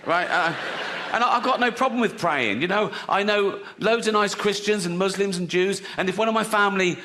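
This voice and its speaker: A man's voice: high-pitched, a little fast, in a large hall, noisy background. A man doing a stand-up comedy routine, chatty, full of rambling asides and "you know what I mean".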